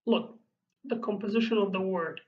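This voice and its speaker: Woman teaching words, lots of restarts, kinda far from the mic, dull lo-fi sound. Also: medium pitch. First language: Kurdish. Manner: halting, searching for words, frequent restarts. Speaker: language teacher. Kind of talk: explaining vocabulary in a lesson.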